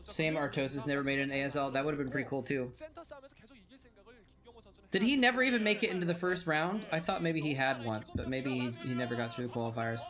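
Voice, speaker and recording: Speaking fairly quickly in a steady, slightly bright medium-pitched voice, a man streams a watch party of old professional games. His commentary is casual and rambling, and he chats with viewers by reading their messages out loud.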